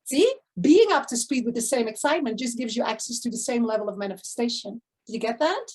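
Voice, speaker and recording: Woman coach with a fairly high voice for an effusive motivational live talk; gasps, bursts of excitement, then drops to a hush. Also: fast, breathy edge. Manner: enthusiastic and effusive, with sudden gasps and swings between loud and hushed. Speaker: spiritual abundance coach.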